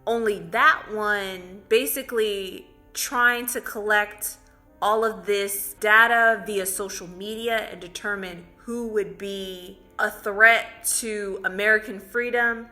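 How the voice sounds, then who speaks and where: Bright-voiced woman chatting about a movie. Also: medium pitch, fairly even intonation, slow, faint music behind. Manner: chatty storytelling with many "like"s. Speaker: movie reviewer. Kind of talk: casual spoken film recap.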